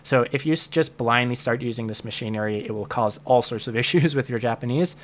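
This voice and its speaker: A man's voice: medium pitch, fairly quick. A man teaching in a casual, explanatory way, thinking aloud and repeating words as he restarts his sentences. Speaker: language learning teacher.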